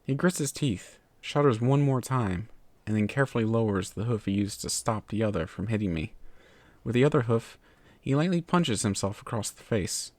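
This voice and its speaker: A man narrating a fan fiction story in a steady, measured way. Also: on the low side, no echo. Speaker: story reader.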